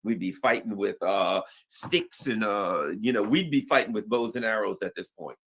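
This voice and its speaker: A man's voice: lowish voice, moderate pace. A man hosting casual political commentary, rambling with asides and briefly acting out the people he quotes. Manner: animated, acts out quoted voices, rambling asides.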